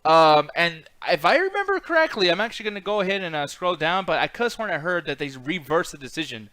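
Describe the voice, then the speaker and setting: A man co-hosting a casual chat show, ranting fast and swearing freely. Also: on the high side, very animated, sharp tone, no echo. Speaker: podcast co-host.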